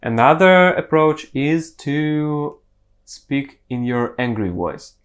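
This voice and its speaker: A man's voice: fairly high pitch, expressive, takes it slowly, clean tone. A man teaching singing, explaining step by step with the odd self-correction. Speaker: vocal coach.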